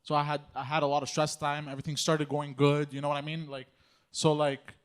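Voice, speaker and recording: A man's voice: a little high, level tone, brisk, clear, resonant tone. A man co-hosting a casual comedy podcast, talking in a hesitant, rambling way with many restarts. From Greek background. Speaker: podcast co-host.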